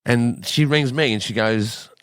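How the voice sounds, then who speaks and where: An Australian man from Western Sydney, a podcast guest, telling animated, swearing stories in casual chat. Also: mid-range voice, a little slow, smooth, no room sound, clean studio sound. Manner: animated storyteller, swears freely.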